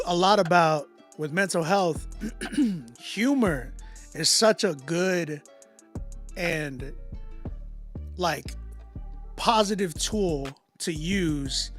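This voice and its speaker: On his casual livestream, a music critique host talks in a loose, slangy style full of laughs and restarts. His voice is high and a bit bright.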